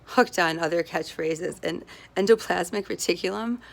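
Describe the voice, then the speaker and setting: Gravelly low-voiced woman rambling casually. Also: moderate pace. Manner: meandering, self-interrupting, often tags with "right?"; laughs easily between thoughts.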